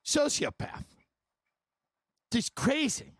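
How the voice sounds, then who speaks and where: A man hosting a podcast, telling comedic stories in an animated, rambling way and laughing between lines. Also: very high voice, takes it slowly, slightly rough, dry recording. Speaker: podcast host. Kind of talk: comedic storytelling.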